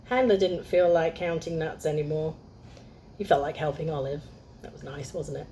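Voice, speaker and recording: A woman's voice: low-pitched, moderate pace, mellow, slight background noise. A young woman reading a picture book aloud, chatting to young listeners between lines. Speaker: storyteller.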